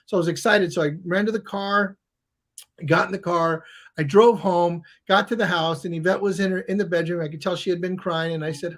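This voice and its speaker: Telling a personal story on a podcast, the middle-aged guest, a coach and author, has a high, light voice with a steady tone and a fairly quick pace. His delivery is loose and chatty, and he voices the people in the story with sudden loud outbursts.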